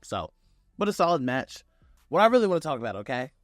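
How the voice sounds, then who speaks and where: A young man giving a casual, excited wrestling show recap, acting out quotes with loose swearing. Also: fairly high pitch, fast talker, dry recording, clean studio sound, soft background music.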